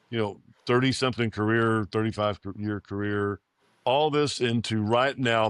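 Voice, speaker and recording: A man's voice: lowish voice, a bit bright, clean tone, no echo. A man in his fifties, an oil and gas company founder, giving an interview and telling a story, repeating phrases and acting out quoted dialogue.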